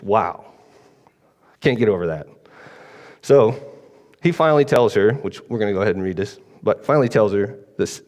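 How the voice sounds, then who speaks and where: Speaking with a low, darkish voice, a preacher wanders through a casual sermon in a large church hall. He's chatty, checking in with his listeners by asking "right?" again and again.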